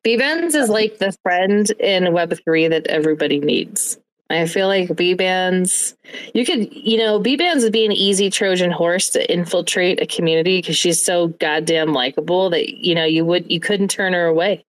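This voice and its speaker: A woman's voice: fairly low pitch, moderate pace, poor audio. A woman in a casual group chat, playful and teasing.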